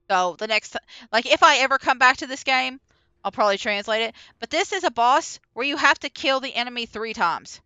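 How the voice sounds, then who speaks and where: High bright excitable woman gamer. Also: smooth, no echo, dull audio. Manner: rambling, excitable, laughs often. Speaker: streamer. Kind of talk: casual gameplay commentary. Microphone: voiceover recorded after the stream.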